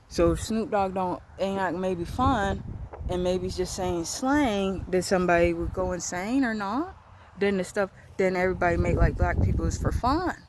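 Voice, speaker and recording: A woman's voice: lowish voice, background noise. A woman vlogging in a rambling monologue, repeating herself and swearing as her thoughts wander. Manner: rambling, repetitive, profane, loose trains of thought.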